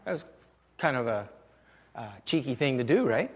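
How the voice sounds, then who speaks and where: A man's voice: mid-range voice, lively intonation, normal speed, long reverb tail. A male pastor preaching a sermon in a conversational, storytelling way, often chuckling.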